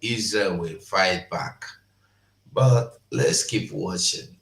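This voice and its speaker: A deep-voiced Nigerian man hosting a livestream. He talks slowly and steadily, mixing Pidgin with English. His voice echoes around a roomy space. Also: vocal fry, fairly bright tone. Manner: mixes Pidgin and English, measured. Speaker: host. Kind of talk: casual livestream commentary. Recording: roomy echo.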